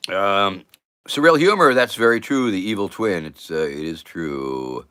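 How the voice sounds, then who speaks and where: A man's voice: low voice, lively intonation, a little slow, pushed and bright, clean tone. A man hosting his own casual livestream chat show, rambling and joking as he talks. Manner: rambling, jokey, self-promoting. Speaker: host.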